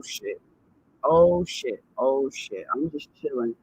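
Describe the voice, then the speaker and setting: A man's voice: mid-range voice, animated, normal speed, slight background noise, low-quality recording. A man ranting on a vlog, cursing and repeating himself in indignant bursts. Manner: profane, indignant, repetitive ranting. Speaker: vlogger.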